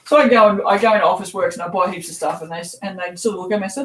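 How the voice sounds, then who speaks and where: A woman's voice: lowish voice, rapid-fire, fairly bright tone, recorded from a distance. A chatty Australian woman talks casually as she works, laughing and swearing offhandedly. Her voice sits a bit away from the mic in an echoey room with a faint hiss behind it. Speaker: soap shop owner packing orders. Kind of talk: casual live-stream chat while working.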